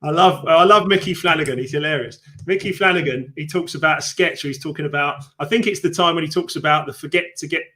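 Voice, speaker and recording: Man, slightly high voice, live stream host, casual chat, animated, explains with analogies. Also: quick pace, hardly any pauses. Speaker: host of a live book club show.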